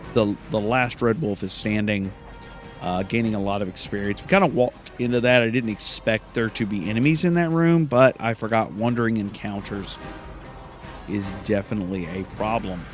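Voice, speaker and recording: A man's voice: lowish voice, normal speed, soft background music. A man hosting a let's play, giving casual gameplay commentary, rambling and correcting himself with many fillers.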